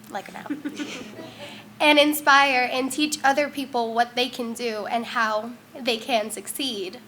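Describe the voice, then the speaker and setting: Late-teen student reading her award speech; earnest and sincere; bright, slightly high tone. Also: slight background noise. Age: late teens. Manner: earnest, heartfelt. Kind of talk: prepared acceptance speech.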